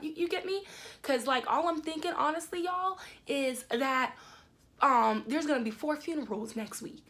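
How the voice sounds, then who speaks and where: A young woman vlogger telling a story in a casual, animated way, full of fillers, her voice climbing high when she gets indignant. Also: normal speed. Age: young adult.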